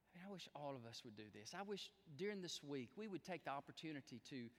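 Male pastor, high, swooping delivery, talks right to the pews, long hall reverb. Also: quick pace. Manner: animated storytelling, talks directly to the congregation. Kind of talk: sermon.

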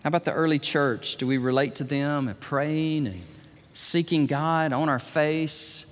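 Pastor guy preaching, high voice, gets loud then goes quiet, big echoey church hall. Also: measured pace. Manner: animated, swings from hushed to shouting. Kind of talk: sermon. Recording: long hall reverb.

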